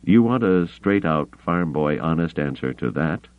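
Soft earnest young guy, narrator doing him, deep-ish, tinny phone-y sound. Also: lively intonation, unhurried, clear, resonant tone, dry recording. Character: earnest gentle young man, plain-spoken.

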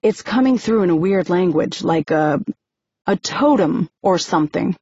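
Earnest young man, emotional, husky, muffled, voiced by a woman. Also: lowish voice, expressive, normal speed, mellow. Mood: eager.

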